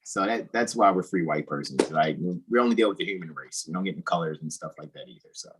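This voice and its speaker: A man's voice: low voice, lively intonation, quick pace, slight background noise, rough recording. A man hosting a casual podcast, talking in an emphatic, preachy way and often repeating "all righty". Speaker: host.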